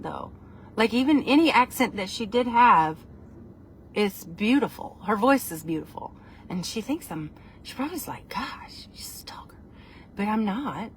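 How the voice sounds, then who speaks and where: A woman hosting a casual live video on her phone, talking in an excitable, rambling way. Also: medium pitch, a little hiss or hum. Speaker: live-stream host. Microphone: phone camera.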